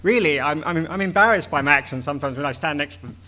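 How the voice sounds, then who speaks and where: A man with a high, bright and forceful voice delivers a conference talk. He speaks with animation and slips into little acted-out exchanges to make his points. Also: fast. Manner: animated, acts out dialogues with shifting voices.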